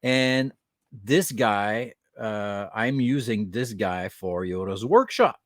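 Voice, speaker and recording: Podcast host, male, casual toy chat; mocking, giggly, unhurried delivery, slips into French. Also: lowish voice, lively intonation, dry recording, studio quality. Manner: mocking, giggles between remarks; switches into French at times.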